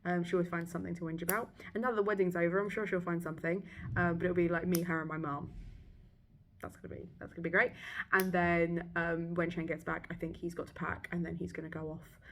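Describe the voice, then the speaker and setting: A woman's voice: lowish voice, flat delivery, quick pace, slight background noise. Give me a young British woman chatting casually on a vlog, sarcastic and full of swearing. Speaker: book vlogger. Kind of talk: casual chat. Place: hotel abroad.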